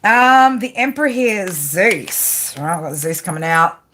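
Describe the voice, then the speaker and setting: A woman with a low, easy voice runs a casual livestream card reading. She rambles cheerfully and swears without thinking about it. A soft bed of background noise sits under her voice. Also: expressive, unhurried. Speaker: tarot reader. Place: home, at a table under a lamp.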